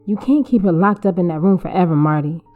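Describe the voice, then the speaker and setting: A woman's voice: fairly low pitch, slow, phone-quality sound, faint music behind. Brief: firm deacon, scolding and urging, a woman reading the part. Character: calm church deacon man, now scolding.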